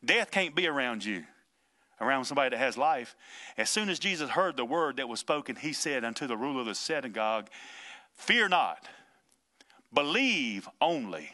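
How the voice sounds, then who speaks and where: A man's voice: mid-range voice, animated, quick pace, sharp tone. A man preaching a casual podcast sermon as pastor, folksy and emphatic, with plain vernacular and chuckles between points.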